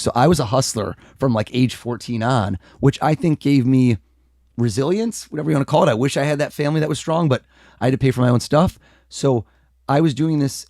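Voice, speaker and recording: Energetic man telling stories in an interview. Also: medium pitch, no room sound, clean studio sound. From United States. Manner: energetic, animated, acts out quoted voices. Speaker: mentalist guest. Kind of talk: casual interview storytelling.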